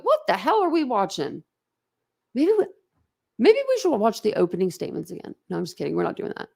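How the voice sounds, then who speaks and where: Very animated and fast, this livestream host has a mid-range voice that is gravelly yet mellow. She chats with her live audience in a casual, blunt way, rambling and laughing often.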